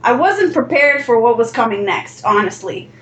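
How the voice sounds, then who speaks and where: High-voiced woman telling a story. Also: normal speed, lo-fi sound. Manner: animated, swears freely, acts out quotes. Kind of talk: casual chat, storytelling. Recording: echoey room with faint noise.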